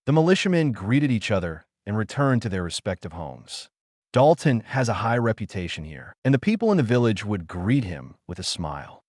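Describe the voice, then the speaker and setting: A man narrating an audiobook in a steady storytelling read. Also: lowish voice, normal speed, no echo, studio quality. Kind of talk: scripted narration.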